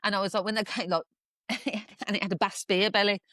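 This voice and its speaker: A woman, a podcast guest, telling a personal story frankly, with dark humor and swearing. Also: medium pitch, fairly even intonation, fairly quick, no echo, clean studio sound. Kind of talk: casual podcast conversation.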